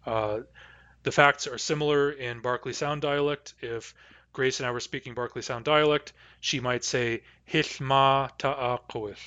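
A man giving a recorded language lesson, pronouncing example phrases slowly and carefully. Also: medium pitch, steady tone, sharp tone, dry recording, highs cut off. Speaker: language teacher.

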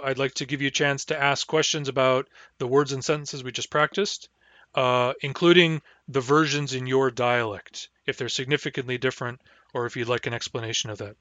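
A man teaching a language class online, sounding out words slowly and carefully, syllable by syllable. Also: mid-range voice, a bit bright, no echo, lo-fi sound. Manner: slow, careful, deliberate pronunciation.

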